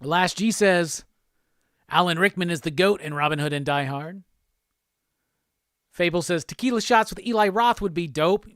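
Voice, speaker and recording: A man hosting a live pop culture stream, chatting casually and reading viewer comments aloud with quick laughs. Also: high voice, fairly bright tone, dry recording, clean studio sound. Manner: laid-back, chatty, quick laughs, reads chat aloud.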